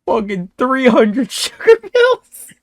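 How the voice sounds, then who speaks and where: A man running a tabletop game as game master, animated and loose, with laughter and swearing. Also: very high-pitched, slow pace, no echo, clean studio sound.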